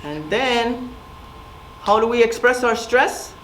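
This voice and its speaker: A middle-aged woman gives a community presentation, slowly and expressively telling stories and asking the audience questions in a voice on the high side. She's captured from a distance in an echoey room, with a little hiss or hum.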